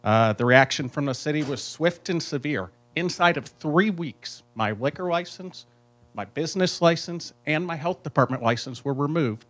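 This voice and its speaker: A restaurant owner from the United States reading a firm, indignant statement and question at a town hall. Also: male voice, on the high side, expressive, normal speed, a bit bright.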